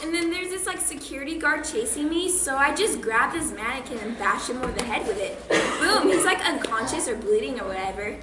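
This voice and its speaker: Casting: high-voiced teen actress playing a giddy, unhinged teenage girl, bubbly with sudden bursts, echoey stage. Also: animated, a little fast. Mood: manic glee. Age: teens. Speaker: student actor. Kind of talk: stage monologue. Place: school theater stage. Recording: echoey stage with background noise.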